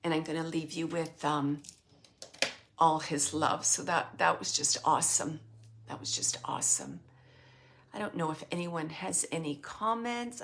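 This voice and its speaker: A woman working as a psychic medium, talking slowly and with emotion as she passes on messages during a live reading. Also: low voice, vocal fry, noisy background. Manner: slow, emotional, relaying spirit messages. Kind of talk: livestreamed spirit reading.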